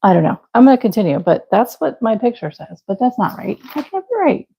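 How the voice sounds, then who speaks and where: Gravelly-voiced woman chatting on a craft stream. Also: fairly high pitch, very animated, brisk, mellow, rough recording. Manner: chatty, self-deprecating, talks to viewers while working. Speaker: livestream crochet host. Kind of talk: casual live-stream chat.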